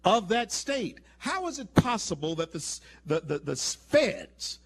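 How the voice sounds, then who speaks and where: A man's voice: sits high, very animated, measured pace, fairly bright tone, slight background noise. Emphatic male talk radio host. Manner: emphatic, opinionated, with frequent restarts. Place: radio studio.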